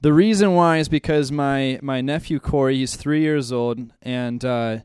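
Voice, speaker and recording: A man, a pastor, opening a church ministry class with a heartfelt story and then a quiet, earnest prayer. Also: medium pitch, a little slow, smooth, dry recording, clean studio sound.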